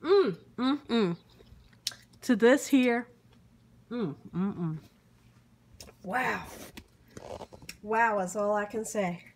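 Slow, exuberant woman tasting her cooking. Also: medium pitch, slight background noise. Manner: exuberant, savoring with hums and whoops; warm churchy exclamations and blessings. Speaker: cooking vlogger. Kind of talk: casual food tasting vlog.

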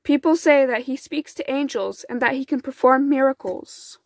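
A grieving village mother, urgent and pleading, in a raised, high voice, as a woman reads her aloud. The sound is close and dry. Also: moderate pace, no room sound. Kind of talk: storybook reading.

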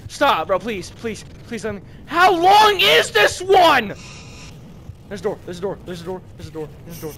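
A man hosting a horror game let's-play, commentating as he goes, yelping and shouting at scares and muttering to himself in between. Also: high-pitched, very animated, normal speed, slight background noise. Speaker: gaming channel host.

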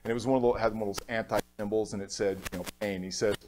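A man giving a keynote on a conference stage, telling a personal story in a heartfelt, halting way and acting out other people's lines. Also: on the low side, fairly even intonation, darkish tone, a little hiss or hum. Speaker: keynote speaker. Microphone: stage microphone.

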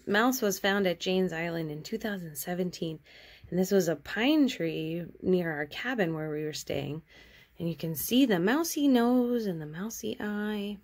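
A woman artist cheerfully and gently chatting through her sketches in a casual show-and-tell. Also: fairly low pitch, lively intonation, a little slow.

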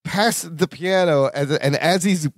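A man co-hosting a podcast, telling sitcom scenes in a lively way, laughing often and acting out lines. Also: a little high, measured pace, no room sound, studio quality. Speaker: podcast co-host. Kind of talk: casual chat recapping a sitcom episode.

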